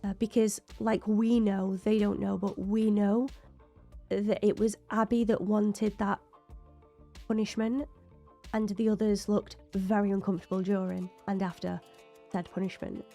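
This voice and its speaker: A woman's voice: medium pitch, little pitch movement, measured pace, warm tone, faint music behind. A woman hosting a TV reaction video, talking through her thoughts in long rambling runs while losing her voice. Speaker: reaction channel host. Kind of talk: TV reaction commentary.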